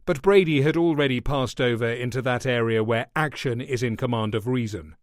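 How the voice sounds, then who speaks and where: Dry, steady male audiobook narrator. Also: mid-range voice, brisk, no room sound. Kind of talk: scripted narration.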